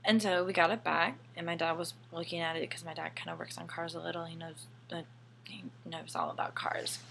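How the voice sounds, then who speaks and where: A young woman telling a personal story in a casual, animated way, swearing often and dropping into whispered asides. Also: on the low side, brisk, gravelly, slight background noise. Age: young adult.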